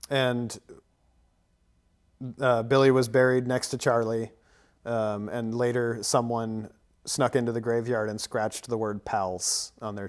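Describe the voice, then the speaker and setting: Guy in his 30s recapping a movie, rambly, lots of um and like, pretty mid voice. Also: mid-range voice. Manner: rambling, many fillers and likes. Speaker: podcast co-host. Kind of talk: casual movie recap chat.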